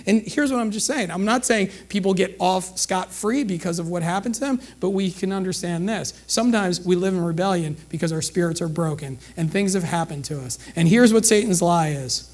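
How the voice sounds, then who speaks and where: A man's voice: high voice, a little fast, few pauses, a little mellow. A middle-aged man preaching a sermon in a conversational way, full of rhetorical questions to the listeners. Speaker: pastor.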